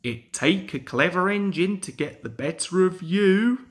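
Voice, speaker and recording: A man's voice: high voice, expressive, unhurried. A young man voicing a proud, fussy male tank engine in a storybook reading, sounding self-important. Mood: good-humoured.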